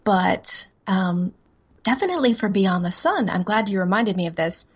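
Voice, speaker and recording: A woman's voice: mid-range voice, animated, normal speed, husky. A woman voice-over actress chatting as an interview guest, rambling and self-deprecating, laughing easily. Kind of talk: casual interview chat.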